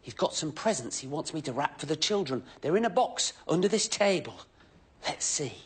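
This children's TV presenter plays a bright, eager station helper muttering away to himself as he potters around. His slightly high, exaggerated voice bounces in sing-song patterns at a moderate pace, with a slightly rough quality, and he remains polite and scripted throughout.

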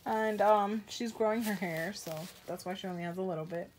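A woman's voice: mid-range voice, steady tone, fairly quick, a little mellow, slight background noise. A woman vlogger in casual unboxing chat at home, gushing and exclaiming often, trailing off mid-sentence. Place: home with a pet bird.

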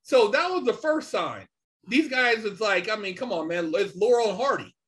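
A man's voice: sits high, expressive, moderate pace, fairly bright tone. A man, a podcast guest, telling a story in a casual, slangy way, full of "man" and "you know".

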